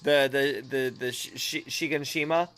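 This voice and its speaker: A woman's voice: a bass voice, fairly even intonation, normal speed, faint music behind. A young woman streamer chatting casually and laughing at herself while playing a game. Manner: giggly, self-mocking, chatty.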